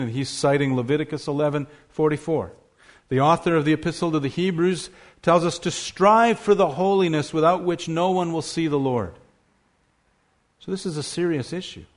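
A man preaching a sermon, emphatic, asking rhetorical questions and stressing key words. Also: a little high.

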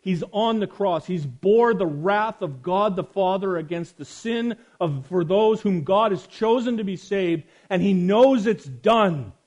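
A man preaching a sermon, swinging from loud emphasis to hushed quiet and speaking straight to his listeners. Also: high voice, animated, a little slow, hardly any pauses. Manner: addresses listeners directly.

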